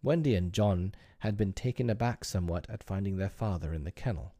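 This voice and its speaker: A man narrating a storybook in an expressive, wry way. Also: deep voice, a little fast, no room sound, clean studio sound.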